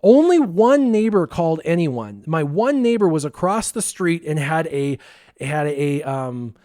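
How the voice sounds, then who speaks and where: A man casually telling a funny story, lively and laughing as he acts out the voices of the people in it. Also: on the high side, a little slow, no room sound, studio quality. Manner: animated, laughing, acts out quotes. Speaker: guest storyteller.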